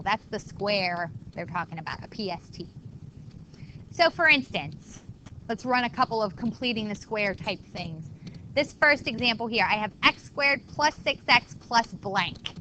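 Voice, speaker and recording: Woman math teacher, bright tone, chatty classroom explainer, slight room noise. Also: medium pitch, lively intonation, measured pace, rough recording. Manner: chatty, explains step by step to students. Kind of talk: classroom lecture.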